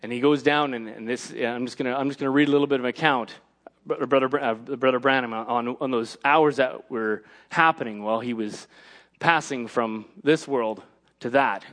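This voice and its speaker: A man preaching a sermon, punctuating his lines with "Amen" and rising to shouted emphasis. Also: mid-range voice, moderate pace.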